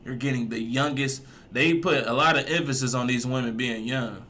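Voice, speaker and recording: Guy reacting to a clip, laid-back and mocking, drawn-out jokes. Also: medium pitch, fairly even intonation, pushed and bright, a little hiss or hum. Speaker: reaction streamer. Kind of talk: casual commentary reacting to a clip.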